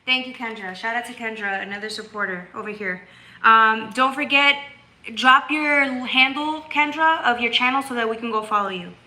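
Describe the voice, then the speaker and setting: This tarot reader and livestream host has a somewhat high voice and a moderate pace. Chatting casually with her viewers, she's blunt to the point of scolding, reads their messages out loud, and bursts into loud laughs.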